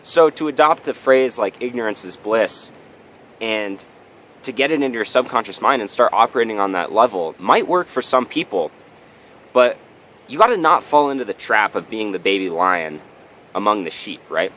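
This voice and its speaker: A man's voice: lowish voice, lively intonation, normal speed, a bit bright, a little hiss or hum. A man giving a motivational vlog talk, telling a story and often checking in with tag questions. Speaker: vlogger.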